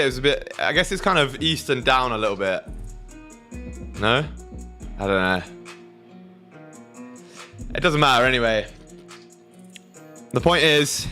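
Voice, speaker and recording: A man's voice: medium pitch, fairly bright tone. Crude, casual male livestream host. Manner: loose, crude, reads chat aloud.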